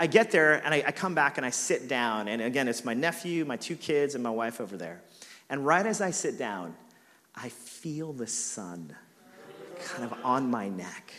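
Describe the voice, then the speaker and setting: In a large hall, a pastor with a fairly high, slightly bright voice preaches a sermon. He tells a funny personal story about himself, full of casual fillers, self-mocking humor, and laughter.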